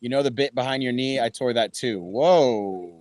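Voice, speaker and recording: Hosting a casual football watch-party stream from a backyard and later indoors, this man is loose and chatty, swearing now and then and addressing his viewers directly. His medium-pitched voice is flat and fast, with no room sound.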